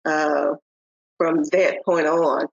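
Older woman telling a halting testimony. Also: sits low, fairly even intonation, gravelly, slightly rough, dry recording. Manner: halting, with many pauses and restarts. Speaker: podcast guest. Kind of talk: telling a personal faith testimony. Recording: dull, lo-fi audio.

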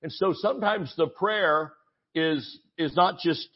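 Man, pastor, sermon, somewhat high voice, dull lo-fi sound. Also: a little slow, breathy edge. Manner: animated storytelling, mimics voices in quotes.

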